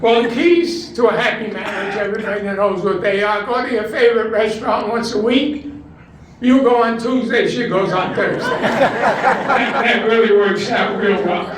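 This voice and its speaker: An older man doing stand-up at a retirement home talent show, slowly delivering one-liners and chuckling at his own punchlines. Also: high voice, crowd noise. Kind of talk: stand-up joke telling. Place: community room of a retirement residence. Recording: echoey room, distant mic, background noise.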